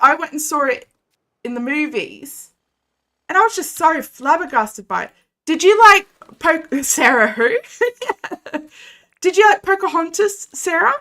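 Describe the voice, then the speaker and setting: A young adult woman, chatting casually with her viewers during a game stream and launching into animated rants. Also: sits high.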